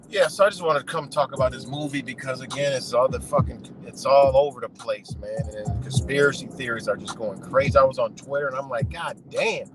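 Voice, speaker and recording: A man's voice: medium pitch, poor audio. Profane rambling man ranting from his car. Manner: profane, rambling, keeps saying "you know". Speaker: live stream host. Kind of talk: casual rant. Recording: clear music under the voice.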